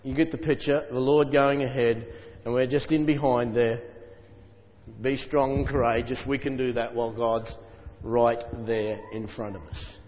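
A man's voice: medium pitch, fairly even intonation. Chatty preacher man in a reverberant hall. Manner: chatty, asides to the congregation; reads scripture aloud, slowing for emphasis. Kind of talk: sermon. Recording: dull sound with long reverb in a hall.

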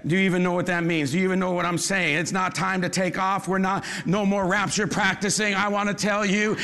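A male pastor preaches with fervor, his voice sitting unusually high and ringing bright. He pushes into shouts and calls on the congregation to answer back. The sermon rolls out in a church sanctuary with a long, echoing reverb. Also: flat delivery, fairly quick, vocal fry, hardly any pauses. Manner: fervent preaching, rising into shouts, call-and-response with the congregation.

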